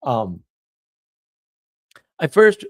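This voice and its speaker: A man in the middle of a casual live stream, reacting to chat with strong opinions and plenty of rambling restarts. His voice sits at an ordinary pitch for a man. It is recorded close on a desk microphone at home. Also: big pitch swings, drawn-out words.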